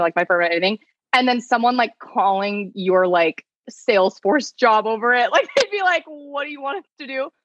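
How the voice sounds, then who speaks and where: Woman, podcast guest, animated storyteller, slightly dull recording, dry sound. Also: mid-range voice, no echo. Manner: fast, animated storytelling full of "like". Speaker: attorney and content creator, podcast guest. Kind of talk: casual podcast chat.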